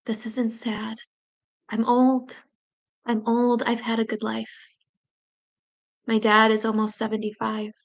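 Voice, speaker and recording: Brief: woman poet, slightly high voice, slow deliberate reading of her own verse, long pauses, intimate and grave.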